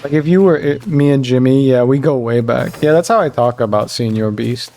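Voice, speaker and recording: A young man from Virginia talks over a game he is playing, in a mid-range voice that wanders from one joke to the next. He keeps jumping up in pitch for emphasis. Faint game music plays behind him. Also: fairly quick, warm tone. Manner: rambling, joking, jumps into higher pitch for emphasis. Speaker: gaming streamer. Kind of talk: casual gameplay commentary.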